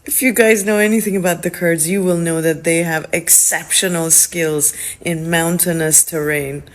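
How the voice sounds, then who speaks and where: A woman giving casual news commentary in a measured, matter-of-fact way. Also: on the low side, steady tone.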